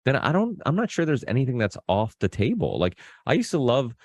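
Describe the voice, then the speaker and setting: A man's voice: medium pitch, huge pitch swings, a little fast, a little mellow, no room sound. A man hosting a podcast in casual, rambling chat, full of restarts and fillers and freely swearing. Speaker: podcast host.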